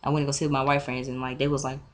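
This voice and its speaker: A teenage girl telling an animated, profane story straight to a webcam, acting out both sides of an argument. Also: a bass voice, rapid-fire. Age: teens. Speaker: vlogger. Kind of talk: casual storytime rant.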